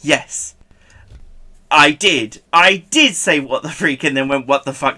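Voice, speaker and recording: A man talking unhurriedly to his stream chat, his voice strikingly bright and sharp. He keeps it playful and chatty, breaking into laughs as he reacts to viewers. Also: a little high, slow. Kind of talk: casual live-stream chat.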